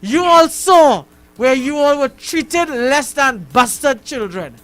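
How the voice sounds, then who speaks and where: High-voiced Trinidadian woman rallying listeners. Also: lively intonation, slow, fairly bright tone. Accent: Trinidad and Tobago. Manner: rhetorical, rallying repetition. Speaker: radio caller. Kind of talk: call-in talk radio.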